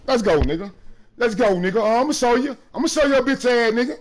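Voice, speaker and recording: A man streaming a basketball video game, taunting other players loudly, often breaking into shouts. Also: extremely high pitch, expressive, fast, slight background noise. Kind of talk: trash talk during live gameplay.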